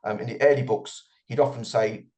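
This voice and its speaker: A man's voice: mid-range voice, fairly even intonation, a little fast, a little mellow. A middle-aged man answering as an author guest in an interview, reflective and often repeating his words as he starts a thought.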